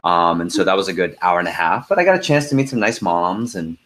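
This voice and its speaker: A middle-aged man leading a team conference call, telling a lively story with laughs and then going through the agenda. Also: deep voice, fast.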